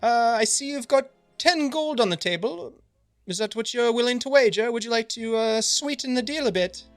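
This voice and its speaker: A game master voicing Griffith, a smooth and sly male billiards hustler, in a lilting put-on accent and a courtly, coaxing manner. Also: very high voice, expressive, normal speed, a bit bright, soft background music, voice pushed up, full character voice.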